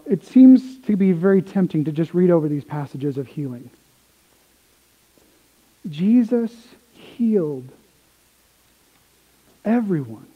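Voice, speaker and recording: A man preaching a sermon, swinging from quiet explanation to excited retellings of the crowd. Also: high voice, narrow, tinny audio. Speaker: pastor.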